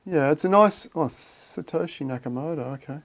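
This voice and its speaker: A man hosting a casual livestream. He thinks out loud and chats with viewers in a friendly, matey way. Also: on the high side, moderate pace. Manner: thinks aloud while reading viewer chat, matey and chatty. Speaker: livestream host.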